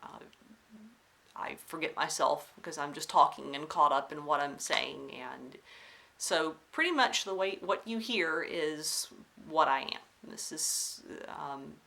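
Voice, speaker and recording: Bright-voiced Southern woman chatting at home. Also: sits low, slow, vocal fry. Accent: Southern US, mixed Alabama and North Carolina. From Southern United States (Alabama, then North Carolina). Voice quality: slightly soft R sounds. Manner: chatty and rambling, with many ums and restarts; careful enunciation. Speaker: cross-stitch vlogger. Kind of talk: casual chat to camera. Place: at home indoors.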